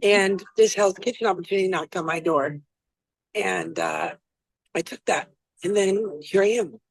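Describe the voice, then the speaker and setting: A woman's voice: mid-range voice, a little slow, gravelly, husky, no echo, poor audio. Female chef guest, conversational and rambling, pokes fun at herself; dead-dry sound. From Florida, US. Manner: chatty, rambling, self-deprecating. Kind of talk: casual interview chat.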